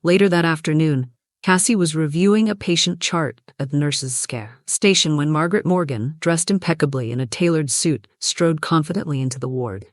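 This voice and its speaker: A narrator reading a romance story in an even, steady way. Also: medium pitch, moderate pace, no room sound, studio quality.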